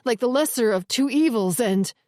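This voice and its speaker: A man's voice: extremely high pitch, animated, normal speed, darkish tone, dry recording, clean studio sound, pitched above the performer's own voice. A woman voicing a desperate male werewolf begging his brother's forgiveness in a shaky, pleading voice.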